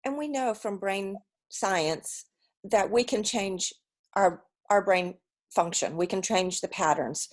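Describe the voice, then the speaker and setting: A woman's voice: medium pitch, takes it slowly. A woman hosting a conversational interview over a video call, chatty and candid, often jumping in with asides. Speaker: interview host.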